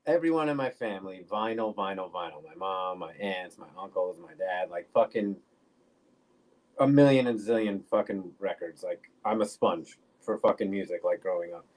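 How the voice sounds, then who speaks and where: A man in his forties, a bass player guest on a podcast, telling laid-back stories full of swearing. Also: normal speed. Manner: laid-back, swears freely, animated anecdotes. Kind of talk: casual storytelling interview. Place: podcast studio.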